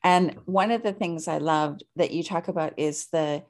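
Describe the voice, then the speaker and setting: A woman's voice: sits low, normal speed. A woman hosting a podcast, talking in a chatty, casual way with lots of fillers. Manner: chatty, many "like" fillers, laughs easily. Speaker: podcast host.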